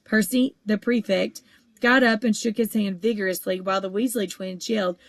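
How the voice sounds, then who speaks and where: A woman narrating an audiobook in a steady, even storytelling voice, with the odd small stumble. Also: mid-range voice, moderate pace, no room sound. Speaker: audiobook reader.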